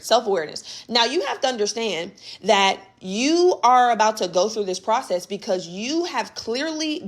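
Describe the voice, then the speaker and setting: A young adult woman hosting a live spiritual coaching session, speaking in a casual, emphatic way, repeating her points and talking straight to her listeners. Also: mid-range voice. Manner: emphatic and conversational, repeats points, addresses listeners as baby and y'all. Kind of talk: casual motivational teaching on a livestream. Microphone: phone or webcam on a live stream.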